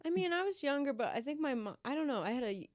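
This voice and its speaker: A woman guest in a casual chat, chatty and quick to laugh. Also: high-pitched, lively intonation, dry recording, clean studio sound.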